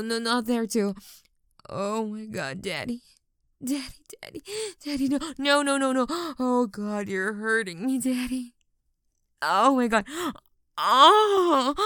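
A woman playing a breathy, pleading young woman. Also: high voice, fairly bright tone, no echo, studio quality.

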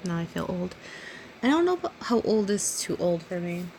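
A drunk woman in her thirties answering listener questions in a casual solo monologue, giggly and rambling, often dropping to a soft near-whisper. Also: on the low side, big pitch swings, moderate pace, slight background noise. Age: 30s.

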